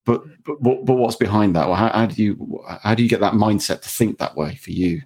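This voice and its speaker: A male interviewer who asks halting questions, often repeating words as he works them out. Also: on the low side, a little mellow, husky.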